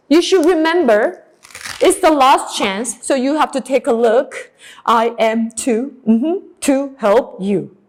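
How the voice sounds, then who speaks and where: A young woman runs a lively children's class. Her voice sits fairly high and swoops up and down, and she stretches key words for emphasis. She praises and prompts in quick bursts. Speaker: English teacher and teacher trainer. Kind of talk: demo class for young children, then teacher briefing.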